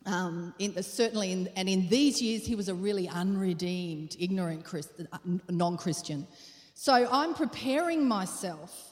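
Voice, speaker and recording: In a church hall with long reverb, a woman preaches a sermon at an unhurried pace and a medium pitch. She sounds earnest and questioning, repeating phrases for emphasis.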